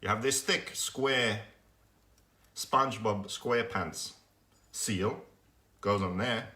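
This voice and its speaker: A young man hosting a live workshop stream, telling a story with lots of swearing and loudly acting out his frustration. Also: fairly low pitch, takes it slowly. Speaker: host of a live workshop show.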